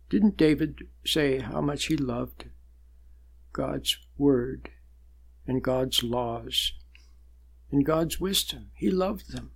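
An older man giving a sermon-like spiritual talk, measured and emphatic, building points through repeated phrases and long pauses. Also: fairly high pitch, creaky, darkish tone. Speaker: spiritual teacher.

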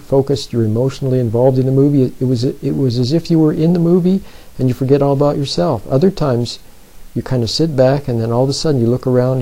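A man giving spoken self-help advice, slow and deliberate, who keeps repeating his points and checking in with the listener. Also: mid-range voice, dark tone, low-quality recording. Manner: repeats points and often checks in with "See?" and "Are you with me?". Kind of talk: plain spoken advice talk.

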